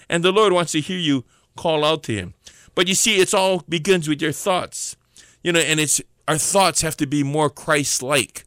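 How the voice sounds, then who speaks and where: A man preaching an informal devotional sermon, earnest and repeating key lines slowly for emphasis. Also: fairly high pitch, fairly bright tone, smooth, no room sound, studio quality.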